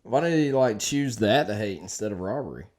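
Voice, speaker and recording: A man's voice: on the low side, animated, fairly quick, darkish tone. A man co-hosting a podcast, chiming in with short reactions and laughing questions in casual chat.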